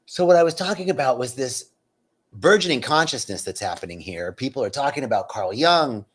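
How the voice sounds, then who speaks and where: A man's voice: mid-range voice, lively intonation, brisk, a bit bright, breathy edge. A man hosting a casual live stream from a retreat center, upbeat and effusive, greeting viewers by name as he talks.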